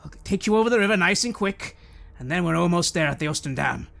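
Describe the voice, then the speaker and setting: A man's voice: sits high, lively intonation, fast talker, gravelly, a bit bright, pitched above the performer's own voice, heavily acted. A man voicing a hearty, blustering male city watchman.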